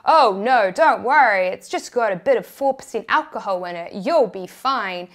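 A woman's voice: mid-range voice, lively intonation, moderate pace, fairly bright tone, lightly acted. A woman with a New Zealand accent voicing a breezy, jokey male office boss. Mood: jovial. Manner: breezy, reassuring.

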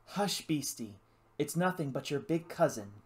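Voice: mid-range voice, animated, measured pace, lightly acted. A reader voicing a young girl who poses as a boy cadet, talking bluntly and colloquially. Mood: plain.

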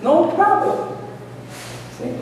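A woman's voice: very slow, slight background noise. A woman preaching a sermon testimony, emphatic and prodding listeners with rhetorical questions. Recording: distant mic in echoey hall.

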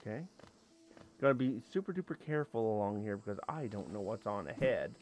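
A man's voice: on the low side, expressive, fairly quick, a little mellow, a little hiss or hum. A man giving casual commentary as he plays a game, talking to the creatures on screen and breaking into sudden yelps and exclamations. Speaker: let's play host.

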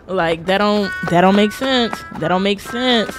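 A woman streamer giving loud, profane, laughing commentary as she plays a video game. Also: mid-range voice, slow pace. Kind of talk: casual gameplay commentary. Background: game music.

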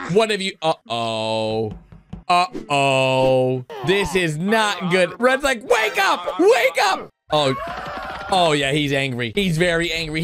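A man giving excited reaction commentary on animations as a YouTuber, excitable and animated. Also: sits high, background noise. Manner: excitable, animated, repeats "oh no" and "dudes".

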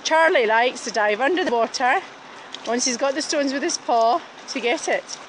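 Out by a woodland river, a woman who owns a dog daycare films the dogs she's walking with a handheld camera, cooing and calling to them in excited, nonstop chatter. She speaks at a normal speed in a high-pitched voice, captured in a noisy outdoor recording by the river.

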